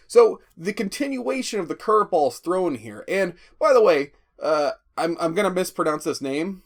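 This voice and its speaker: A man's voice: high voice, very animated, moderate pace, gravelly, few pauses. A man giving a rambling, profane spoken movie review, often stammering and restarting. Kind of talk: casual spoken film review.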